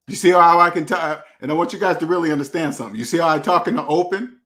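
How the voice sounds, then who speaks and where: A man's voice: fairly high pitch, fast talker, hardly any pauses, a bit bright. A man hosting a personal finance channel, speaking in a blunt, slangy, preachy way and repeating his key phrases for emphasis. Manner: blunt, slangy street talk. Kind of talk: casual monologue to camera.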